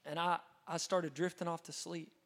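A man preaching from the pulpit, his voice high and bright with a sharp edge. He tells his testimony earnestly and dramatically, often restarting mid-sentence as the story builds. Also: little pitch movement, moderate pace. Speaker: pastor. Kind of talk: storytelling sermon.

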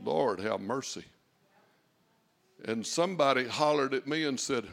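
A man preaching a fervent sermon, rising to shouts and dropping to a hush. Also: mid-range voice, unhurried, creaky. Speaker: pastor.

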